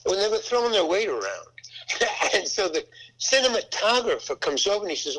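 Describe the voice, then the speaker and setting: A man's voice: high voice, very animated, a little fast, a bit bright, rough recording. An older male actor and comedian telling a long rambling anecdote, acting out the voices of the people in it. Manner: rambling storyteller, acts out voices in quotes, many restarts.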